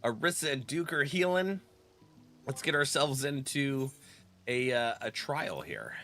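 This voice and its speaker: A man's voice: mid-range voice, animated, measured pace, a bit bright, faint music behind. A man casually chatting with his live-stream viewers, laughing often and greeting them by name.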